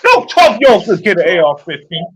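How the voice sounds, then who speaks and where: A man's voice: sits high, big pitch swings, a little fast, a bit bright, breathy edge. A man giving heated, profane casual commentary while reacting to a video, repeatedly incredulous. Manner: heated, incredulous, swears a lot.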